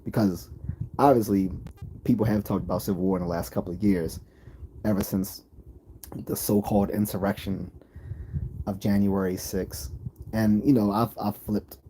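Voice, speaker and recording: A man's voice: lowish voice, steady tone, normal speed, long pauses, mellow, a little hiss or hum. A man with an East Coast accent, chatting casually on a livestream, rambling and opinionated as he answers viewer comments. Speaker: livestream host.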